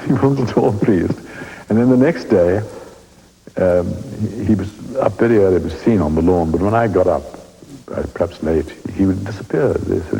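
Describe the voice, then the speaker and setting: An elderly English man with a very husky, breathy voice that sits low and mellow. He tells wry, anecdotal stories from the stage and chuckles often as he reminisces. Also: normal speed, low-quality recording. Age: 80s. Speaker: veteran stage actor interviewed. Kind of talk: reminiscing interview.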